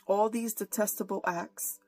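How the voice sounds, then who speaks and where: A woman preacher praying fervently and giving a prophetic message, slow and pleading. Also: mid-range voice, fairly even intonation, darkish tone. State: holding back tears.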